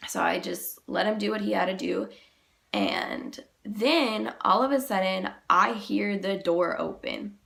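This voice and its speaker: Sick and sounding deeper than usual, a young woman vlogger retells a personal story haltingly and emotionally, filling it with "like." Her voice has vocal fry and a fairly bright tone.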